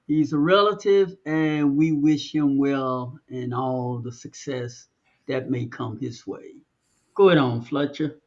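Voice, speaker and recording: With some chatter in the background, this podcast co-host talks slowly in a voice on the high side, keeping the casual conversation loose and stretching out the words he emphasizes.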